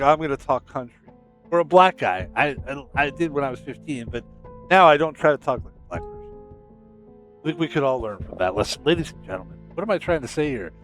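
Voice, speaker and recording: American guy, streamer chat, rambling and profane, slightly high pitch, faint music behind. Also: a bit bright. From United States. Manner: rambling, profane, self-promoting.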